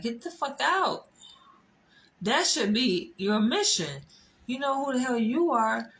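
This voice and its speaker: Poor audio and faint background noise accompany a woman's vlog story. Her voice is mid-range and slightly bright as she swears freely, laughs, and speaks with strong emphasis.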